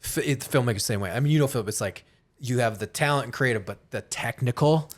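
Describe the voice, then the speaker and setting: Mid-pitched male podcast host. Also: fast talker. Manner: casual, jumps in with side remarks. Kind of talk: casual interview chat.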